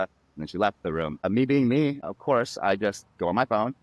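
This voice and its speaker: A man telling personal stories as a podcast guest, animated and acting out quotes. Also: on the low side, fairly quick, few pauses, no echo, muffled recording. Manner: animated storyteller, acts out quotes and sound effects. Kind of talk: storytelling in a podcast interview.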